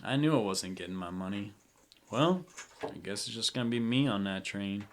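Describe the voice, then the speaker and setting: A man voicing a shrewd, sly middle-aged businessman in a Western tabletop game, low and smug. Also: normal speed, a little hiss or hum, close to an everyday voice. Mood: resigned.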